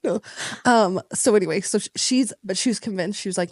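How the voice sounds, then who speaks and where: A woman co-hosting a podcast in casual chat, rambling and quick to laugh. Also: mid-range voice, a little mellow, dry recording, clean studio sound. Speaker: podcast co-host.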